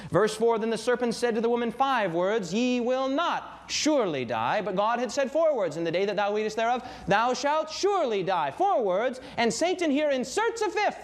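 A young man preaching a sermon with fervor, swinging his pitch and pace for emphasis. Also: lively intonation, a little fast, hardly any pauses.

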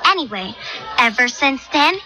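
Bossy, brave teen sleuth. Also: female voice, high voice, lively intonation, pushed and bright, faint music behind, exaggerated voice, low-quality recording. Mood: determined. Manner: brisk, commanding, sarcastic. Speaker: narrator and lead. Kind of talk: audio drama acting and narration.

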